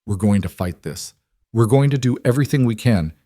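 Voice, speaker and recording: A man's voice: on the low side, lively intonation, a little fast, dark tone, no echo, studio quality, lightly acted. A man voicing a protective young frontier wife who talks with urgent, impassioned force. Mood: soothing.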